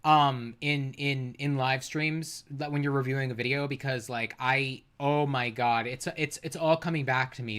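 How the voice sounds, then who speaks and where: A man's voice: mid-range voice, steady tone, normal speed, few pauses, fairly bright tone. A man streaming and reacting to a debate clip, arguing back in a profane, exasperated way and laughing at times. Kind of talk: heated livestream commentary.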